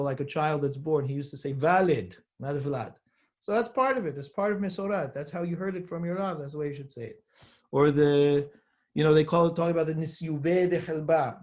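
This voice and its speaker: A middle-aged man teaching as a rabbi, reading names off quickly and then slowing down to stress his points and quiz his class. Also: fairly high pitch, darkish tone. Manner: reads names rapidly, then slows down to stress points and asks the class questions. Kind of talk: lesson reading and explaining a text.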